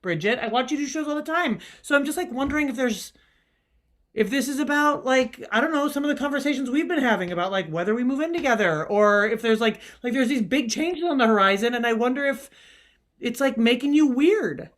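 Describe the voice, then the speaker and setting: A woman improvising an anxious young woman who questions her girlfriend, halting and full of fillers, on a live stage. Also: fairly low pitch, fairly bright tone, close to an everyday voice. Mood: upset. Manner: halting, repeats herself, many fillers. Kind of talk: live improvised romantic comedy scene. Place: theatre stage.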